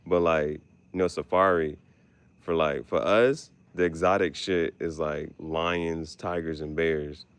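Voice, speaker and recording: A man hosting a casual podcast chat, animated and profane, often jumping into squeaky exclamations. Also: a little slow, clean tone. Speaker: podcast host.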